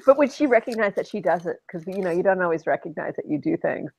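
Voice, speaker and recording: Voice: medium pitch, lively intonation, quick pace, creaky, slightly rough, no echo, low-quality recording. A participant in a casual group chat, giggling and chiming in.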